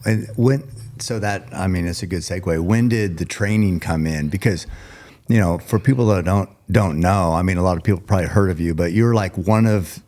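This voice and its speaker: A man hosting an interview podcast, asking relaxed questions and giving many short affirmations. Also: deep voice, moderate pace. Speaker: podcast host.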